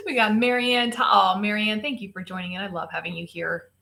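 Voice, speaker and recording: A woman's voice: mid-range voice, fairly even intonation, brisk, gravelly, pushed and bright. A woman physical therapist hosting a casual live show, chatty and greeting viewers by name. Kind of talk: casual live-stream chat. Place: home, Tampa.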